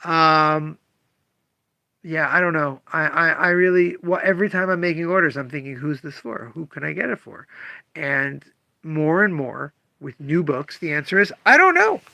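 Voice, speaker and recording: A man's voice: on the high side, normal speed, creaky, dry recording. A man who owns a comic shop, talking casually on a livestream and acting out customers' voices. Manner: animated, acts out customer voices.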